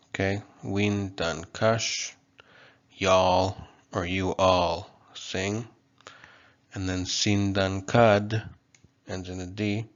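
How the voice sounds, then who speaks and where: A man with a very low, deep voice walks through a casual whiteboard lesson at an unhurried pace. He stops and starts with fillers as he explains each point. The recording sounds dull and lo-fi. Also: a bit bright. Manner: halting, frequent fillers and restarts while explaining. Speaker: language teacher.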